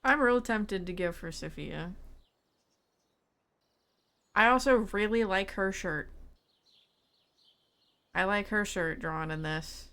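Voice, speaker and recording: Woman chatting away on a game stream, thinking out loud and talking to chat, middle pitch. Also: slow pace, pauses often, smooth. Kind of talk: casual gameplay stream chat.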